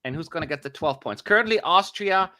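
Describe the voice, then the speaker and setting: A man co-hosting a live watch-along stream, chatting excitably and grumbling aloud as he tracks what is on screen. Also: on the high side, a little fast, no echo, studio quality. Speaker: livestream co-host.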